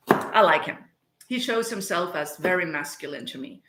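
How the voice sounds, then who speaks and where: A woman's voice: lowish voice, expressive, normal speed, fairly bright tone. A woman, chatting casually and rambling off topic on a livestream from her home kitchen. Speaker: spiritual medium livestreaming. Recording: echoey room sound.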